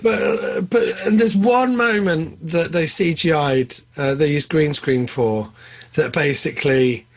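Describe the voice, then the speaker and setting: A man co-hosting a podcast, chatting casually about films, excitable and jumping up in pitch when enthused. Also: a little slow. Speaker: podcast co-host. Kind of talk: casual film chat.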